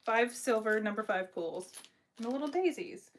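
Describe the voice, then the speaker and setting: A woman's voice: on the high side, animated, normal speed. A woman hosting a live craft stream, chatting casually about her sewing supplies, with lots of fillers. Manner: chatty, lots of fillers, reads viewer comments aloud. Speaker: craft livestream host.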